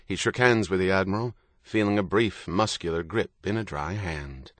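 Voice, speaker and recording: A male audiobook narrator reads a novel aloud from a script in steady, even narration. His voice is low and his pace moderate, with clean studio sound and no room sound.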